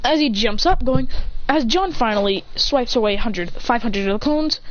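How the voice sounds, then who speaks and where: A woman improvising an excited fan story, rambling with many restarts, in a dull lo-fi recording. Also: fairly high pitch, moderate pace. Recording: dull lo-fi recording with faint hiss.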